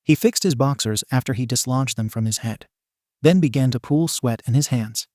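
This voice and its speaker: Sex: man. Role: story narrator. Style: scripted narration, wry and playful. Tone: dark, mellow. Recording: dry. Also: mid-range voice, normal speed, no room sound.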